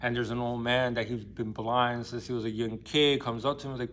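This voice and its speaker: A man's voice: mid-range voice, little pitch movement, a little fast, a bit bright, slight background noise. A man retelling a classic novel for a book discussion channel, speaking loosely and rambling, with lots of fillers and casual slang.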